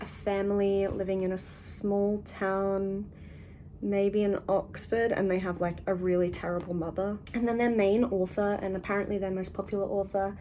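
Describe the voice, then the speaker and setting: A young Australian woman chatting in a casual vlog from a hotel room, giggling often and filling pauses with "um" and "like". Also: mid-range voice, mellow, slight background noise, low-quality recording. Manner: chatty, giggly, many ums and likes. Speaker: book vlogger.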